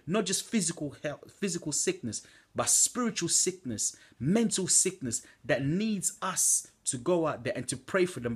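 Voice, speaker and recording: A man's voice: on the high side, breathy edge. A young man giving an earnest preaching testimony from home at night, exhorting listeners with fillers. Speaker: church member giving a testimony.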